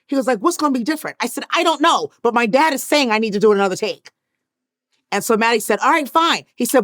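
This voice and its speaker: A woman in her fifties tells a story as an interview guest. She acts out each voice in it and swings between hushed and loud moments. Her voice sits at a middle pitch and is recorded dry and close, with no room sound. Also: no room sound. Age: 50s.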